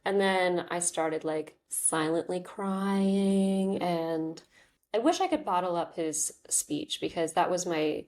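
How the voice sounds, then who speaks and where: A woman's voice: fairly low pitch, a little mellow. A woman in her thirties, hosting a podcast and telling a personal story in a chatty, candid way, full of "like"s and "um"s. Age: 30s. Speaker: podcast host.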